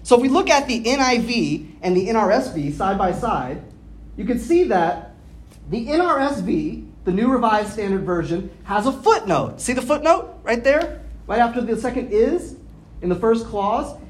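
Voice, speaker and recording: A woman preaching a teaching sermon, her pitch moving a lot as she explains. She walks her listeners through the text and checks in with them through questions. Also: big pitch swings. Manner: explanatory, asks the audience questions; spells out Greek words slowly. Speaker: pastor.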